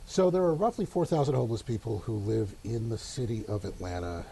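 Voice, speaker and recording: A man's voice: lowish voice, a little fast, vocal fry, mellow, slight background noise. A man, giving wry, opinionated commentary in a casual talk show discussion. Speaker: local politics commentator.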